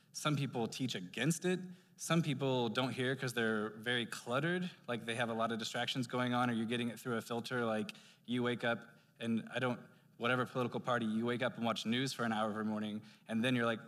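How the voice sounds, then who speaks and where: A man preaching a sermon in a church, casual and animated, with strong sibilant s sounds. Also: medium pitch, in a large hall. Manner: conversational, animated preaching with asides. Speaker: pastor. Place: church sanctuary.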